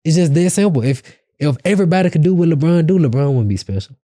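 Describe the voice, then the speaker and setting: A man's voice: a little high, lively intonation, quick pace, dark tone, dry recording, studio quality. A young man hosting a podcast, giving blunt relationship advice in slangy casual talk and acting out both sides of an argument. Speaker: podcast host.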